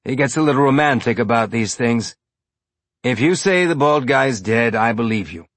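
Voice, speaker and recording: A man's voice: medium pitch, expressive, moderate pace, a bit bright, dry recording, lightly acted. A man voicing a laid-back robotic alien with a tinny voice and a Belter accent, speaking in a casual, wry, blunt way.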